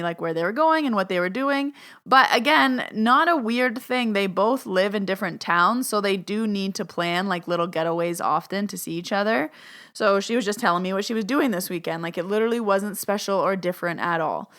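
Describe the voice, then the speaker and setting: A woman's voice: a bit bright, clear, resonant tone. A woman hosting her own podcast as a psychic medium, telling personal stories in a chatty way, full of "like" and acted-out quotes. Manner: chatty, lots of "like", acts out quotes with big pitch jumps. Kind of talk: casual storytelling monologue.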